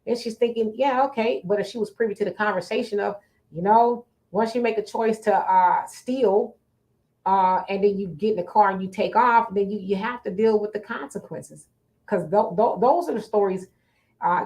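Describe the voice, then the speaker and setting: A middle-aged woman co-hosting a casual talk show, telling a story in an animated, dramatic way. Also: mid-range voice, moderate pace. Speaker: co-host.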